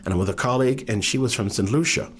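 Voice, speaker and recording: A man's voice: mid-range voice, very fast, slight background noise. A man in his fifties from New York, telling stories from his life in an oral history interview and acting out the voices of people he quotes. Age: 50s. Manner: animated, acts out quoted voices.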